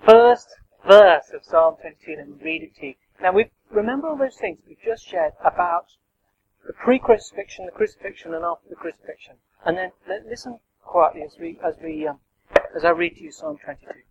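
A man's voice: high-pitched, animated, fairly quick, creaky, dull audio. A man giving an interactive sermon, talking conversationally and quizzing the congregation. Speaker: preacher.

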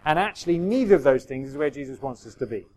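A man's voice: medium pitch, expressive, fast, warm tone, rough recording. A middle-aged man preaching a sermon in a conversational way, acting out quoted voices with self-deprecating humour. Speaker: pastor.

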